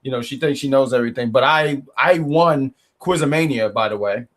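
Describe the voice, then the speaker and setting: A man's voice: medium pitch, fairly quick, fairly bright tone. A man co-hosting a casual wrestling review show from a home mic, joking and playing the bad guy. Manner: playful trash talk, playing the heel. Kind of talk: casual podcast review chat.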